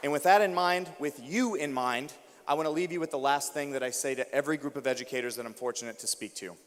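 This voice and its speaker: A man's voice: medium pitch, quick pace. A young adult American man giving a motivational keynote to teachers, telling a personal story and building emotion with repeated refrains. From United States. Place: large school auditorium. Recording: long hall reverb.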